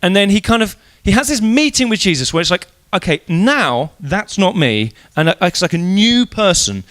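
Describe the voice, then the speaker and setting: Delivering an evening church sermon, a man speaks briskly in a high-pitched voice. He keeps it conversational and laid-back, animating the story and voicing the characters he quotes.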